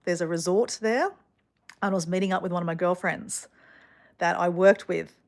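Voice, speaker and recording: Middle-aged Australian woman, casual vlogger, rambling storyteller, slightly low voice. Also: steady tone, moderate pace, gravelly. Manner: chatty, rambling, lots of fillers and asides.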